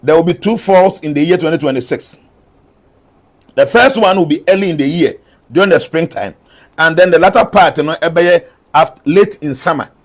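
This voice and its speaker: His voice is a little high and a little fast as he counts off prophetic predictions one by one. He says each twice, mixing English with asides in a local language.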